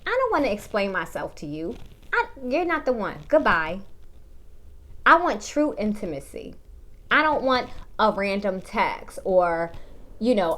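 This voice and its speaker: A woman's voice: mid-range voice, very animated, measured pace, fairly bright tone. A woman in her thirties giving casual dating advice straight to the viewer, blunt and full of swearing. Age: 30s.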